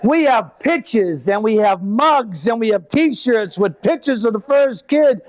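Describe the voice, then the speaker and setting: A middle-aged man performing live stand-up comedy, telling animated stories and acting out voices. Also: sits high, a little slow. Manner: animated storytelling with acted-out voices. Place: live venue with an audience.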